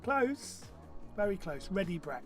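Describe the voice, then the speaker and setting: Quiz MC, male, high voice, banter-heavy, faint music underneath. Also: big pitch swings. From northern England. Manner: chatty, jokey, reads out scores briskly. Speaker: quiz host. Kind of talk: casual online pub quiz hosting.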